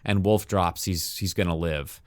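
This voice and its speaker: Podcast co-host, male, lower register, dry sound; animated recapper who acts out quotes. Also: measured pace, no echo. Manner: animated storyteller acting out quoted lines. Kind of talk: casual movie recap.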